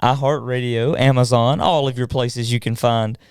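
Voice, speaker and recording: Dude co-hosting a podcast, easygoing and jokey, clean smooth voice. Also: male voice, medium pitch, fairly even intonation, normal speed, no room sound. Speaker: podcast co-host. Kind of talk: casual chat.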